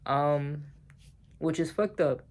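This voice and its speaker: A man's voice: on the high side, slow pace. A man telling a personal story in a casual vlog, heated and profane, talking straight to the viewers.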